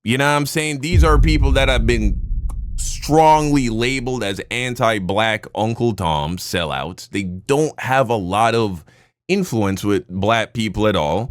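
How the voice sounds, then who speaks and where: A man reacting to clips on a stream, talking bluntly and emphatically, with casual swearing. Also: on the low side.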